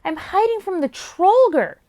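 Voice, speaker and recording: A woman's voice: very high-pitched, sing-song, unhurried, a little mellow, voice pushed up, heavily acted. A woman voicing a frightened young boy on the run, with a trembling, panicky way of talking. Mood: scared.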